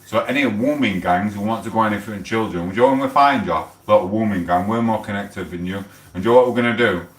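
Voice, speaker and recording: A man's voice: on the low side, quick pace, hardly any pauses, slight background noise. A man, rambling and swearing in a heated rant on a casual livestream. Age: 40s. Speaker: livestream host. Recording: echoey room, mic held far off.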